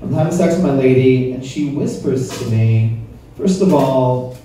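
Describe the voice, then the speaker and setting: This comedian's warm, mid-range voice has lively intonation and a moderate pace as he works a club with crude, casual banter aimed at the audience. Heard from afar in a roomy space, the crowd is audible, laughing along.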